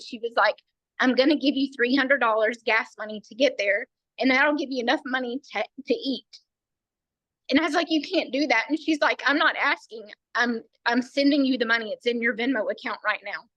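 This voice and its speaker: Bright, earnest woman telling her story. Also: fairly high pitch, brisk, no room sound, highs cut off. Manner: earnest storytelling, quoting others. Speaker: team member sharing a story. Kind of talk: personal testimony on a team call.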